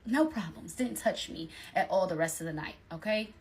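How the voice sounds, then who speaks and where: A young woman telling a story in a casual, animated, slangy way, speaking straight to her viewers. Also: lowish voice, normal speed, slight background noise.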